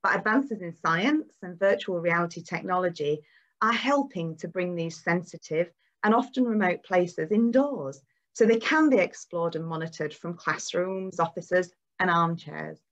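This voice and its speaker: A woman host introduces a storytelling event in a measured way. Her voice sits fairly low, and the recording is muffled and lo-fi. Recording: dull lo-fi recording.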